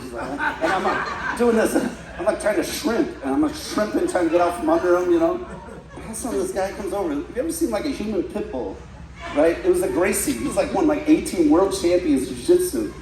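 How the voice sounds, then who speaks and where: A man's voice: fairly high pitch, lively intonation, brisk, a little mellow. A man doing a stand-up comedy set, telling rambling stories full of "like" and "right?". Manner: storytelling with frequent "like" and "right?". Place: party venue with guests. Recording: roomy echo, mic from a distance, faint room noise.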